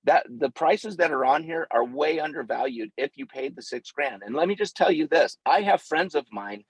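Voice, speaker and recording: A man speaking as a guest on a video call, animated and excitable, stumbling over his words as he backs up a sales pitch. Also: moderate pace, breathy edge, poor audio. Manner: animated, excitable, stammering restarts. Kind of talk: casual endorsement on a call.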